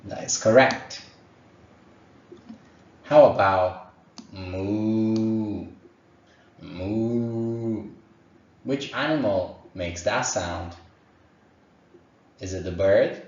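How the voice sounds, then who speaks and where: A male teacher speaks slowly and patiently to young children, his low voice encouraging. He sits a little back from the mic, and the dull recording carries a roomy echo. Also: darkish tone. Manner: slow, encouraging, sounds out animal noises. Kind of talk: online lesson for young children. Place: room at home. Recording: echoey, distant, dull home recording.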